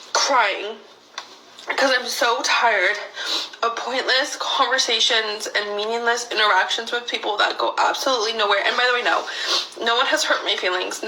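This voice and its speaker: A woman's voice: a little high, bright, forceful tone, slight background noise, poor audio. A woman talking wearily and candidly in a confessional vlog. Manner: weary, candid. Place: in a car.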